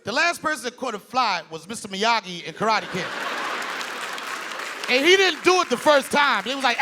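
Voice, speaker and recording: A male stand-up comedian performing on stage with a loud, animated delivery that breaks into shouts. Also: very high-pitched, normal speed, a faint crowd. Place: live comedy stage before an audience. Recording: live audience laughter and room noise.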